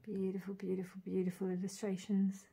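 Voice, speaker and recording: A woman walking through an oracle deck card by card, calling out each name and meaning with soft, gushing admiration. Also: mid-range voice, completely flat delivery, a little fast, vocal fry, breathy edge. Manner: dreamy, admiring, lingers on single words; soft laughs and gushing asides. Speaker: tarot reader reviewing an oracle deck. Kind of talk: casual unboxing walk-through.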